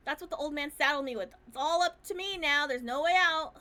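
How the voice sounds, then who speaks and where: A woman's voice: high-pitched, brisk, pushed and bright. A woman voicing an arrogant, spoiled young heir who talks down to everyone. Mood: bitter. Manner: haughty, smug, condescending.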